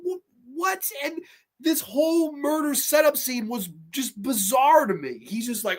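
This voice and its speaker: A man reviewing horror films in a casual, profane and rambling way, often breaking into animated rants. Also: very high-pitched, moderate pace, creaky.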